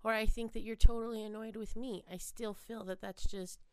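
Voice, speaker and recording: A woman co-hosting a podcast tells a story in an animated, chatty way and slips into the voices of the people in it. Her voice is a little higher than most and smooth, and it sounds close and dry. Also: brisk, no room sound. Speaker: podcast co-host. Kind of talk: casual chat.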